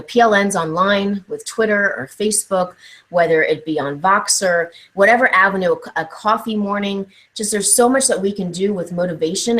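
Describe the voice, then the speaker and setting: A woman from Ohio, USA, guests on a live online interview, telling animated stories and acting out what people said. Her voice is medium-pitched, and the recording quality is low.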